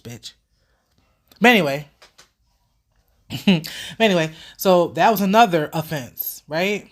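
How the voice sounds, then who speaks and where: A woman's voice: on the low side, takes it slowly, pauses often. Slightly stuffy young woman vlogger. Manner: animated, profane, talks straight to viewers. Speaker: vlogger host. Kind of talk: casual opinion commentary.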